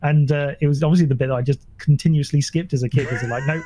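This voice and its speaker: Man, higher-pitched and mellow voice, easygoing chat, laughs often. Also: steady tone, a little hiss or hum. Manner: laughing, self-deprecating, halting restarts. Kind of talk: casual chat.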